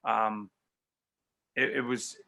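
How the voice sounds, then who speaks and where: Flat-voiced reflective baseball manager man. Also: lowish voice, creaky. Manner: halting, reflective, many fillers. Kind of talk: casual interview.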